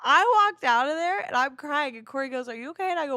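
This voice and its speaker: Excitable woman streamer, dry close sound. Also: high voice, no room sound. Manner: excitable and emotional, swearing, quick laughter. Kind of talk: casual livestream chat.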